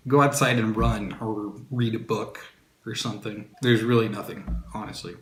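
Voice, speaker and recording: A man's voice: on the low side, little pitch movement, normal speed, a little hiss or hum. A man teaching a video lesson, with an upbeat manner and joking asides to the viewer. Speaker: Spanish teacher. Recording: roomy echo.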